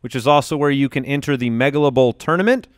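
Running his podcast in a casual chat, a man keeps things upbeat and jokey. He talks fast at a medium pitch, and the studio podcast mic gives a clean, echo-free sound.

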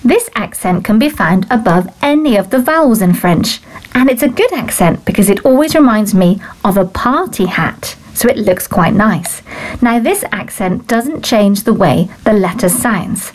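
A woman teaching French to children, explaining slowly and clearly with cheerful enthusiasm. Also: mid-range voice, expressive, a little mellow. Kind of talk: children's language lesson.

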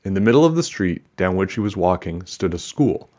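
A man reading a children's book aloud with steady, expressive storytelling. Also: deep voice, a little fast.

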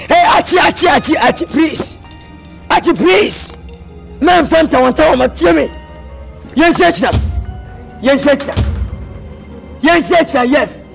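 An actor with a Ghanaian accent playing a hot-tempered man haggling over his car, shouting and repeating himself. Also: extremely high pitch, a little slow, creaky, pauses often, soft background music, heavily acted. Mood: furious. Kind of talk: film drama acting.

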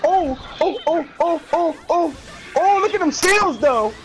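A gamer provides running commentary on an online fighting match, teasing and taunting opponents again and again in a sing-song trash-talk style. His voice is extremely high and animated, he speaks unhurriedly, and there's background noise.

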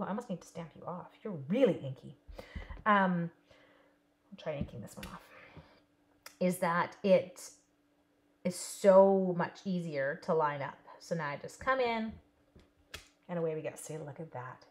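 A woman's voice: fairly low pitch, lively intonation, moderate pace, pauses often, darkish tone. A woman teaching a live card-stamping class in a casual, chatty way, talking to her viewers by name. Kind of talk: casual live craft demo.

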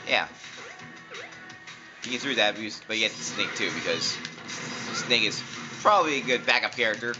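Man, casual gameplay commentary, jokey, lively swings in pitch, muffled lo-fi recording, game music loud behind. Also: moderate pace, pauses often. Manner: excitable, jokey, talks to the game characters. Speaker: let's play commentator.

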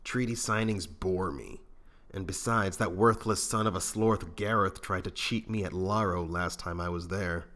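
A man's voice: low voice, steady tone, normal speed, fairly bright tone. A man voicing a stubborn, sarcastic middle-aged smuggler in a fan audiobook reading. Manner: sarcastic, grumbling.

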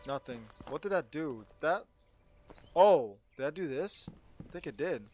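Excitable man commentating a game. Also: a little high, normal speed. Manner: jumpy, excitable, talks to himself. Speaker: gaming channel host. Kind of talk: let's play commentary. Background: game music.

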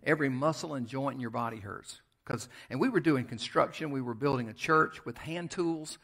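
A man preaching as a Southern American pastor in a church sanctuary, talking in a mid-range voice and shifting between strong, loud emphasis and soft, chatty storytelling. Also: mid-range voice, normal speed, vocal fry. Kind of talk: sermon.

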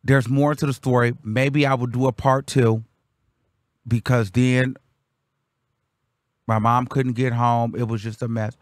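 A young man telling a story on his vlog, animated and loud when acting out what people said. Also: mid-range voice, unhurried, pauses often, no echo, studio quality. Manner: animated, acts out quotes loudly. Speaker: vlogger.

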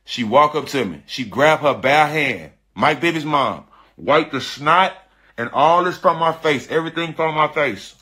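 A man casually telling a personal story to an online audience, animated and emphatic, repeating phrases and calling his listeners "dog" and "bro.". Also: a little high, unhurried, husky. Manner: frank and confessional, with slangy speech.

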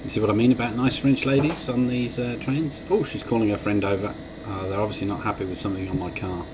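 A man's voice: fairly low pitch, fairly even intonation, quick pace, hardly any pauses. A man hosting a casual road-trip car vlog, chatty and self-mocking, talking while he drives. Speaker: car vlogger host. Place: inside a car while driving. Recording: noisy car interior.

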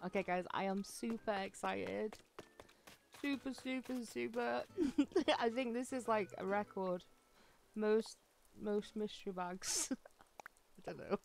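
A woman chatting casually on a game live stream, excitable and giggly, with lots of likes and ums. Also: medium pitch, slow, creaky, pauses often, faint music behind. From United Kingdom.

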